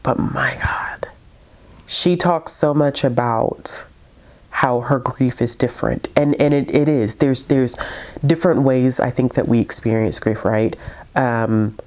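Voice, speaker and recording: A woman's voice: extremely low pitch, unhurried, a little mellow. A woman vlogger talking through her monthly book reviews in a casual, heartfelt way, tearful and full of fillers and restarts.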